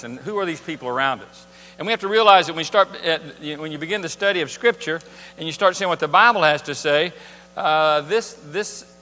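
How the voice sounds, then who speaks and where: A man preaching as pastor in a church sanctuary uses a pushed, bright voice on the high side. His sermon is conversational, full of rhetorical questions to the congregation, and the recording carries long church hall reverb.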